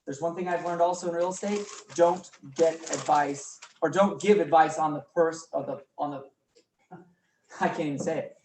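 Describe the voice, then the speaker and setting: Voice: medium pitch, steady tone, normal speed, a little mellow. A presenter giving an informal business training talk to a small group, chatty and prone to mid-sentence restarts. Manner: chatty, coins words, corrects himself or herself mid-sentence. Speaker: workshop presenter. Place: office meeting room with a small group. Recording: echoey room, mic far off, faint noise.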